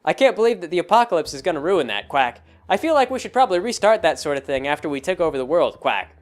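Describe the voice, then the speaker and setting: A man's voice: on the high side, sing-song, fast. A man voicing a scheming male ice swan who tacks a quack onto his sentences. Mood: chatty. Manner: says "quack" at the end of lines.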